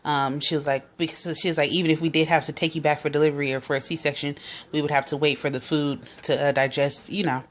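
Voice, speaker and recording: A woman's voice: low voice, flat delivery, fast. A young woman vlogger casually telling a personal story, chatty, full of fillers and quoted dialogue.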